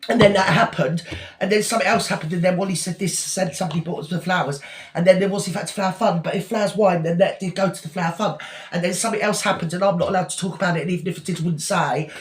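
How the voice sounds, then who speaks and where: A man's voice: high voice, fairly even intonation, rapid-fire, roomy sound, lightly acted. A man playing a self-pitying, rambling gossip and scammer who insists he is always the victim, in a satirical monologue. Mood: whiny rambling. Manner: rambling, breathless, circular storytelling. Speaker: parody performer.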